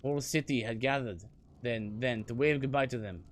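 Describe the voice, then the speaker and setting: A man reading a gloomy, fatalistic old male dwarf's game lines slowly in an attempted Scottish accent, with some stumbles. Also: medium pitch, natural voice. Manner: slow, solemn, faltering reading. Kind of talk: reading game dialogue aloud.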